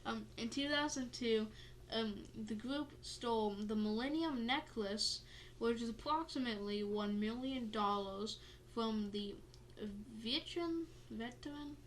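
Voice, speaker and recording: A woman's voice: a little high, measured pace, slight background noise. A woman co-hosting a podcast in casual chat, tired and yawning, playful and jokey as she wanders off-topic. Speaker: podcast co-host.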